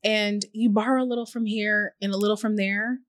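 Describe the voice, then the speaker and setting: In a clean studio recording without echo, a woman with a mid-range, fairly even voice speaks briskly. She's a podcast guest, a journalist and founder, taking part in a reflective conversational interview. Her storytelling is earnest and warm, with little quoted messages acted out as she goes.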